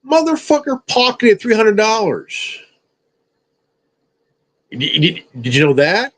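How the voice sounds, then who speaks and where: Brief: man, high lively voice, slow scolding profane rant. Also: low-quality recording. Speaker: streamer. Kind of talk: confrontational rant.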